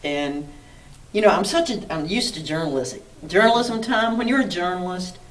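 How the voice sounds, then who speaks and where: A middle-aged woman from the South, an author telling animated anecdotes in an interview, acting out dialogue and laughing often. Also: on the low side, normal speed. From Mississippi, US South. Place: arts council interview room. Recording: distant mic with faint background noise.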